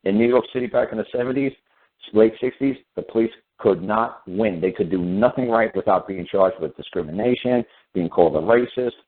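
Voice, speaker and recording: A man's voice: fairly low pitch, fairly quick. A middle-aged man hosting a radio talk show, telling stories bluntly and often repeating and restarting himself. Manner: blunt storytelling with frequent repetition and restarts. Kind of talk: casual call-in radio talk. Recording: tinny phone-line audio.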